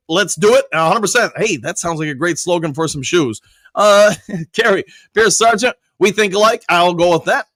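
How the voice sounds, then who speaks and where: Upbeat high-voiced male sports host. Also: bright, forceful tone, no room sound. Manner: upbeat, reads viewer comments aloud and answers them; loose and conversational, with frequent restarts and fillers. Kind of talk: live-stream sports chat.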